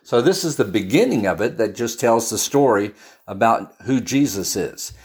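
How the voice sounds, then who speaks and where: A man's voice: fairly low pitch, lively intonation, normal speed, darkish tone. A man preaching in a chatty, storytelling way, often restarting and adding asides as he explains a Bible passage. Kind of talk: conversational Bible teaching.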